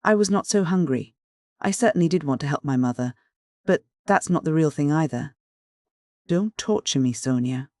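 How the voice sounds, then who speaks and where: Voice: medium pitch, animated, moderate pace, a little mellow, no echo, close to an everyday voice. An audiobook reader voicing a tormented young man who confesses in despair, read in a dry, close recording. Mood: anguished. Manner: pleading, despairing dialogue. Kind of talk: audiobook character dialogue.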